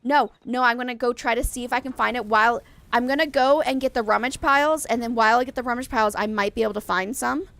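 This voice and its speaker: A woman's voice: a little high, gravelly, fairly bright tone. Chatty young woman streamer, stuffy nose. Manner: chatty, rambling, quick self-corrections. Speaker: game streamer. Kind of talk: casual live-stream chat.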